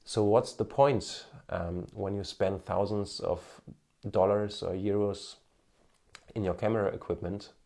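Man with a German accent, low voice, earnest coaching tone, casual vlog recorded on a phone with an external mic. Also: creaky, darkish tone. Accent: German, with a slight Indian tinge. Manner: earnest and encouraging, with frequent fillers. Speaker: marketing coach, former TV cameraman. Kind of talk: casual advice to camera. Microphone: smartphone with an external microphone.

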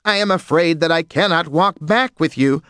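A man voicing a clever, cheeky male monkey in a high, playful, sly voice over music. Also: normal speed, a bit bright, smooth, no room sound, studio quality, natural voice. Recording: music bed underneath.

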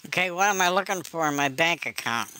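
A woman's voice: on the low side, animated, quick pace, bright, forceful tone, clear, resonant tone, dry recording. A woman voicing a cranky, foul-mouthed older man on a prank phone call, impatient and swearing. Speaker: scam baiter.

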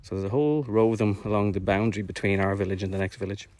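This orchard project owner, streaming his drone flights, chats while walking in the fields, slightly winded and full of fillers as he rambles through the narration. His lowish, a little mellow voice stays fairly even in intonation and comes out rapid-fire on a dry recording.

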